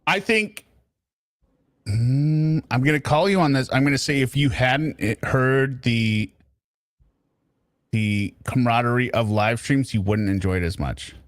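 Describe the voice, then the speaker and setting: A man's voice: medium pitch, measured pace, dry recording, studio quality. Chatty man hosting a live stream. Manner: chatty, keeps tagging lines with "right?". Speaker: stream host. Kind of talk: casual live-stream commentary.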